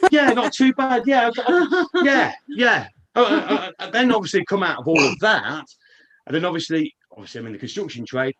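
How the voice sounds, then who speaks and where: A man spins a long, winding tale in a casual mid-pitched voice. He swears freely, stumbles over his words and restarts his sentences. It sounds like an online live stream call. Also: a bit bright. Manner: rambling, swears, many restarts. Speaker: guest. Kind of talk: casual storytelling.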